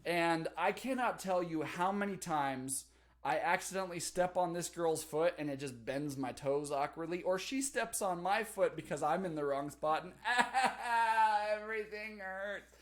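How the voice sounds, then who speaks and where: A young man on a casual livestream, telling a story with animated delivery, big pitch jumps and laughter. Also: normal speed. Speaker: streamer.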